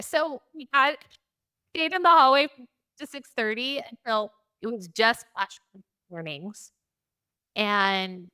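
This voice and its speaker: A middle-aged woman telling a chaotic travel story in a casual chat, animated and laughing often, acting out quotes in a higher voice. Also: smooth. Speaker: podcast host.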